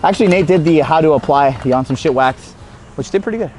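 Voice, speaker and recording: A somewhat high-voiced man explains tricks in a loose, joking way and teases himself along the way. He is out of breath and talks into a lapel mic outdoors. Faint traffic hums behind him. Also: fast, darkish tone. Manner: joking, self-mocking, chatty. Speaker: BMX rider hosting a how-to. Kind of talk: casual spoken tutorial. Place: outdoors by a street rail.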